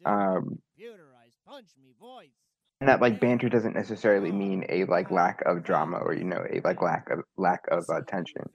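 A man with a fairly low voice looks back on his writing in a relaxed chat. He talks reflectively, with frequent fillers and loose phrasing. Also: moderate pace, pauses often, highs cut off. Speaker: writer. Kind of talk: casual chat.

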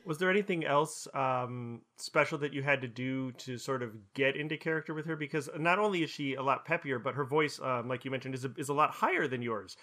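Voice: mid-range voice, fairly quick, few pauses, pushed and bright. An interviewer asking curious, encouraging questions in a casual chat.

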